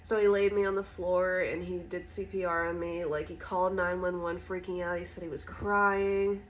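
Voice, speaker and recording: A woman vlogger telling a personal story in a candid, halting, soft-spoken way. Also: on the low side, flat delivery, a little hiss or hum, poor audio. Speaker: recovery vlogger.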